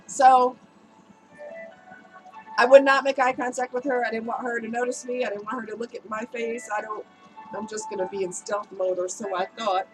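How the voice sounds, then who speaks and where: A woman's voice: fairly high pitch, fairly even intonation, normal speed, faint music behind, poor audio. A woman vlogger with a cold, telling a personal story to her viewers in a candid, emotional, chatty way. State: has a cold, voice slightly strained.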